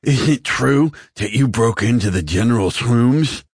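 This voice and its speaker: A man voicing an overexcited male alien recruit who gushes and shouts in an audiobook. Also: mid-range voice, expressive, husky, no room sound, studio quality, pitched above the performer's own voice. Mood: gushing. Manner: shouting, gushing, fast bursts of enthusiasm. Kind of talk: audiobook character voice.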